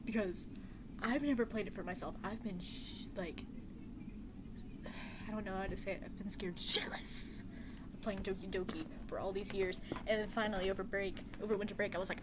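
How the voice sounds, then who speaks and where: A young woman rambling through a casual vlog chat, full of slang, fillers and side tangents. Her voice sits at an ordinary middle pitch for a woman. A clear steady hiss of noise runs under the whole home recording. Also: moderate pace. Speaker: vlogger.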